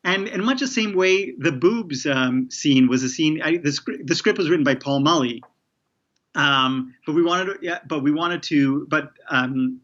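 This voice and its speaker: A man's voice: on the high side, a little slow, fairly bright tone, muffled recording. A man being interviewed as a TV showrunner, talking casually with many restarts and fillers. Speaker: TV showrunner guest.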